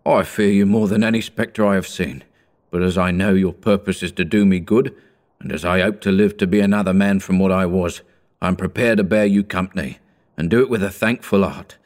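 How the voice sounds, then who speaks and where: A man's voice: deep voice, steady tone, fairly quick, darkish tone, close to an everyday voice. A man voicing a frightened old male miser from a storybook, speaking in earnest, solemn pleading.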